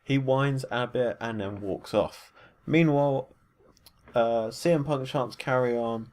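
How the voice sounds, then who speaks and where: A man's voice: medium pitch, unhurried, darkish tone. A man giving a casual, rambling recap of wrestling matches, full of fillers and self-corrections. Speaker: wrestling show reviewer.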